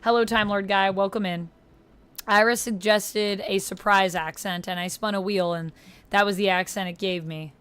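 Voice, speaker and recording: A woman's voice: medium pitch, steady tone, moderate pace, a bit bright, clean tone. Woman streamer reading game menus aloud. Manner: reads menu options aloud, chats with viewers. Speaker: streamer playing a video game. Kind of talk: casual live-stream commentary.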